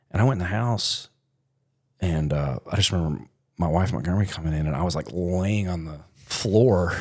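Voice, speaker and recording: A man in his middle years, a podcast guest, telling a story in a casual, animated way with lots of fillers. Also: low-pitched, fairly quick, slightly rough.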